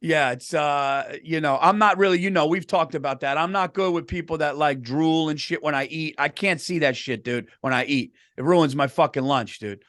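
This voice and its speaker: A middle-aged man co-hosting a podcast, telling stories in an animated, profane way and saying "dude" a lot. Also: on the high side, moderate pace, few pauses, dry recording, studio quality. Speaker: podcast co-host. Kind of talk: casual comedic storytelling.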